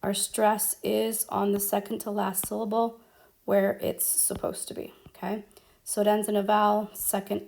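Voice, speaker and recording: A woman's voice: medium pitch, vocal fry, a little mellow, slight background noise. A woman teaching Spanish grammar at a whiteboard, explaining step by step with frequent ums. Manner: slow, explaining step by step with fillers.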